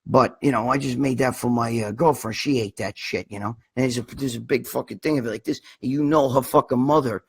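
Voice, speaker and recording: A middle-aged New man with a husky, slightly raspy voice hosts a casual livestream chat. He rambles in a blunt, profane way, circling back to his points with plenty of filler and swearing. His pitch sits at an ordinary middle level for a man. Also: steady tone, brisk, few pauses. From New York. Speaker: livestream host.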